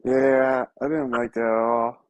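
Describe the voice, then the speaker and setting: Quiet, slow man chiming in briefly. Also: mid-range voice, flat delivery, clean tone, no echo, lo-fi sound. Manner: brief, quiet agreeing interjections. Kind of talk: casual podcast chat.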